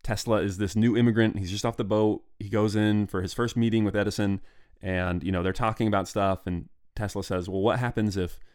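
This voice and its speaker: A man's voice: fairly low pitch, fairly even intonation, brisk, darkish tone, clear, resonant tone. A man hosting a podcast, telling history in a loose, digressive, stream-of-consciousness way. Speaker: podcast host. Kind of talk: casual solo history narration.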